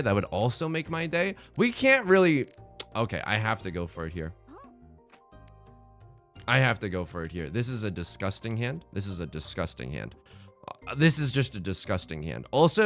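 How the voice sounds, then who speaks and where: A man hosting a let's play, giving excitable, joking, meme-heavy commentary on his own game. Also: mid-range voice. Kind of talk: live gameplay commentary.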